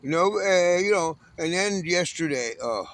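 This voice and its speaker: A man's voice: high-pitched, lively intonation, unhurried, fairly bright tone. A homeless man in his sixties from Southern California, ranting angrily in a profane, bitter monologue. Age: 60s. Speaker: homeless panhandler.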